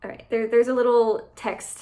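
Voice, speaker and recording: Lively young woman reacting to posts. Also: on the high side, moderate pace. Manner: reads posts aloud, then reacts with animated comments. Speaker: YouTube host reading posts. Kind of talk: casual reaction commentary.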